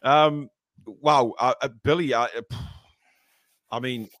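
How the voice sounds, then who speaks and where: A man's voice: mid-range voice, slow pace, fairly bright tone, no echo. A man hosting a fan podcast in casual live chat, rambling and teasing with plenty of hesitations. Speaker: podcast host.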